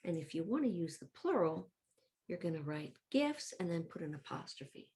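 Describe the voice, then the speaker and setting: A woman's voice: on the low side, very animated, normal speed, a little mellow. A woman teaching a recorded Latin review lesson to children. She speaks in an upbeat, encouraging way, addresses the kids directly and chants word forms in rhythm.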